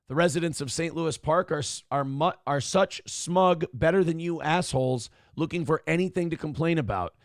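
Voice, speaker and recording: A middle-aged man hosts a casual livestream talk show, reading donations aloud with loud, crude jokes and a rough voice that cannot reach high notes. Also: no echo, clean studio sound. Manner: loud, crude, joking, reads chat messages aloud.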